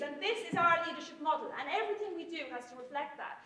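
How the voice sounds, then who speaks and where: A woman giving a conference keynote as a chief executive, talking in a lively, irreverent way with wry asides. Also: extremely high pitch, normal speed, long pauses, crowd noise. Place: hotel conference hall. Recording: echoey hall, mic from far off.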